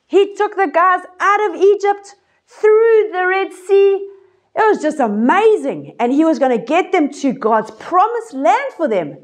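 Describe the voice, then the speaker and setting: A woman teaches a children's Bible lesson, her voice high and swooping. She talks slowly and acts out voices and sound effects. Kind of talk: animated Bible lesson for kids.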